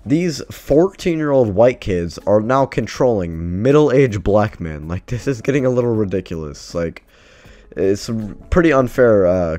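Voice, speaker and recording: Brief: deep-voiced guy, rambling profane storytime, dry close sound. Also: a little mellow, no echo. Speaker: vlogger. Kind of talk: casual storytime.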